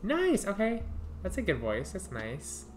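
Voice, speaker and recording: A woman streaming a game, thinking out loud in a casual, musing way, trying out names and giggling between thoughts. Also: mid-range voice, huge pitch swings, a crowd in the background. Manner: muses aloud, trying out names, quick to giggle. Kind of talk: casual gameplay commentary.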